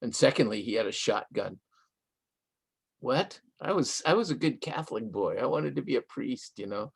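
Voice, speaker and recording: An older man from Southern California talks as the guest in a live online interview, spinning a story at an easy conversational pace. His voice sits at an ordinary middle pitch, and he drops Spanish phrases into his English as he goes. Short laughs come up between his lines. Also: animated, moderate pace, vocal fry, slightly rough. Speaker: guest author.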